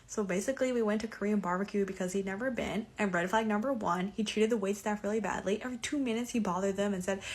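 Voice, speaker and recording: A woman's voice: mid-range voice, fast talker, few pauses. Exasperated young woman telling a date story. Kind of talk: storytime clip.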